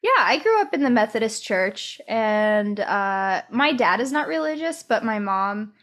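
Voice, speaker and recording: A young woman with a Midwest accent, co-hosting a podcast in relaxed, casual chat. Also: on the high side, a little slow. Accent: American Midwest. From American Midwest. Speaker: podcast co-host.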